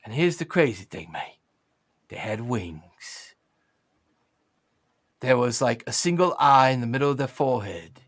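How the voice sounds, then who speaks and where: A man's voice: mid-range voice, very animated, unhurried, pauses often, pitched below the performer's own voice. A man voicing a weary, friendly male half-ogre mercenary who drawls and calls people mate. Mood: musing.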